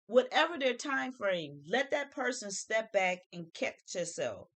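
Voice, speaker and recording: This woman hosts a relaxed reality TV review vlog in a fairly high, sing-song voice that's fairly bright and a little slow. She repeats phrases for emphasis and leans heavily on slang.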